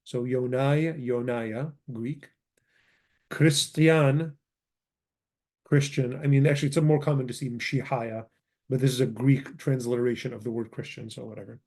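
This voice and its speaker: A man's voice: mid-range voice, steady tone, fairly quick, gravelly, mellow. A man teaching a grammar lesson, explaining words patiently and often stopping to correct himself. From Chaldean community. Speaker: language teacher.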